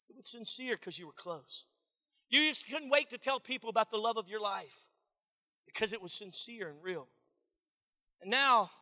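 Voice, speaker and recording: Man preaching in a church, really high bright voice, long echo. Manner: earnest, warning, storytelling preacher. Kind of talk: sermon. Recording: long reverb of a large hall.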